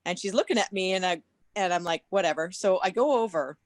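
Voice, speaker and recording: A woman in her forties tells an animated story over a video call, sprinkling in swear words as she goes. Her voice sounds dry and close, with no room around it. Her pitch sits right in the middle for a woman. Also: fairly quick, dry recording. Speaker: guest at a podcast meet-up. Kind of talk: casual chat.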